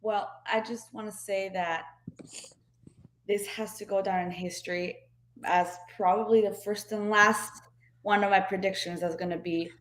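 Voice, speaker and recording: An excitable woman co-hosts a casual sports chat and speaks in quick bursts of enthusiasm. Her voice is at a middle pitch. It is recorded in a roomy space that echoes noticeably. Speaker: podcast co-host. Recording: roomy, echoey room sound.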